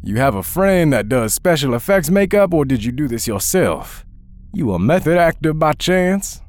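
A man's voice: mid-range voice, big pitch swings, fairly quick, no echo, faint music behind, pitched above the performer's own voice, natural voice. A man doing a skeptical celebrity judge. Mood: suspicious. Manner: skeptical, probing. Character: suspicious male celebrity country judge.

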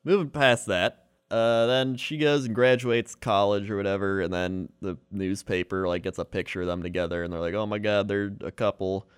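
A man's voice: lowish voice, steady tone, normal speed, clear, resonant tone, dry recording, studio quality. A man casually retelling a movie plot, filling his talk with "like" and quoted dialogue. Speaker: co-host recapping a movie. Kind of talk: casual chat.

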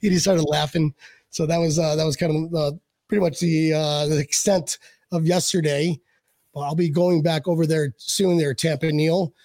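A man's voice: on the high side, steady tone, moderate pace, darkish tone, no echo, clean studio sound. A man hosting a podcast in casual chat, rambling and joking with many restarts. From Buffalo, USA. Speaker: podcast host.

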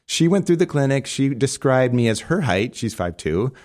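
A man's voice: medium pitch, sing-song, moderate pace, darkish tone. A middle-aged man from the Chicago suburbs, a guest chatting casually in a joking, self-deprecating way. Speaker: podcast guest, orthodontist. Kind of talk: casual chat.

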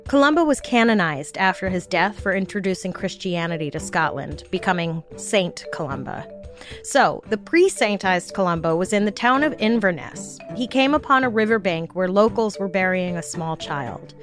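A woman's voice: medium pitch, expressive, moderate pace, faint music behind. Wry woman narrating spooky stories. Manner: wry, jokey asides. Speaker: podcast host. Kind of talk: scripted storytelling narration.

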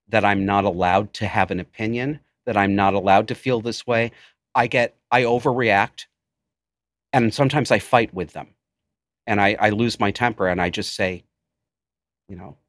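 Man, forties, low voice, dry sound; emphatic, raw guest telling his story. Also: a bit bright, no room sound. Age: 40s. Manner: intense, emotional, emphatic. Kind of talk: personal storytelling in interview.

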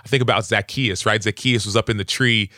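Earnest young man with a low voice. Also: a little fast, dry recording, clean studio sound. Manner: earnest, animated, lively acted-out quotes. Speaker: podcast guest, pro football player. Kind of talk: conversational interview storytelling.

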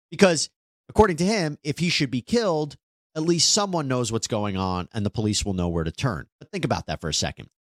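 A male host walks through a murder trial in a narrated legal news breakdown. His pitch swings widely as he asks pointed, incredulous rhetorical questions. The sound is dry and close-miked. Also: no room sound.

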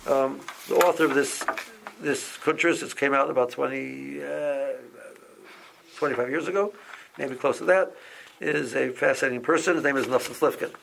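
A man leading an informal Torah class, often restarting phrases and growing lively as he explains. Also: mid-range voice, normal speed, gravelly, background noise.

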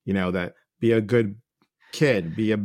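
A middle-aged man with a fairly low voice hosts a podcast chat. He talks earnestly and acts out other people's lines as he tells his stories. The sound is dry and close. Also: moderate pace, darkish tone, dry recording. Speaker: podcast host and life coach. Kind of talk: casual interview chat.

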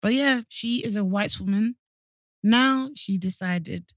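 A woman co-hosting a podcast, chatting casually and animated with strong opinions. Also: medium pitch, takes it slowly, dry recording, studio quality. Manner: animated, opinionated, laughs often. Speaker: podcast co-host. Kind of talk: casual chat.

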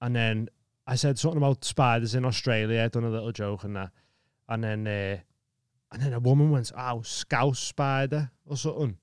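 A man's voice: medium pitch, a little fast, darkish tone, smooth, dry recording, clean studio sound. A comedian, chatting on a podcast and acting out voices in his anecdotes, laughing often. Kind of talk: casual chat, storytelling.

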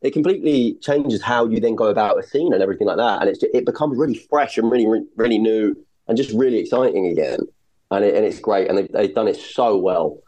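Man, fast talker, fairly low voice, effusive, casual interview guest. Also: dark tone, low-quality recording. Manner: enthusiastic, effusive, repeats words. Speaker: soap actor, podcast guest.

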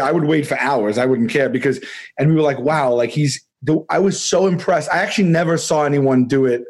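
A man in his forties tells a long anecdote as a guest on a podcast. He rambles, restarts his sentences and breaks into laughter. His voice sits a little high for a man. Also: a little mellow. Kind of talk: casual storytelling.

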